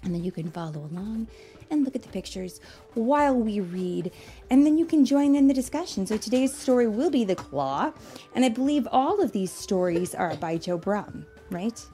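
A woman reading a children's story aloud, talking warmly and directly to her young listeners. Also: on the high side, moderate pace, soft background music. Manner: warm, animated, talks to listeners directly.

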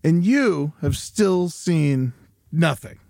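A man's voice: on the high side, lively intonation, takes it slowly, creaky, dark tone, no room sound, studio quality. A male podcast co-host chatting casually and making jokey interjections. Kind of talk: casual chat.

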